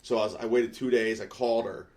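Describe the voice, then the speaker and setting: A man's voice: mid-range voice, steady tone, fast talker, darkish tone. A middle-aged male comedian telling a rambling, self-mocking story in casual conversation. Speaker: stand-up comedian guest.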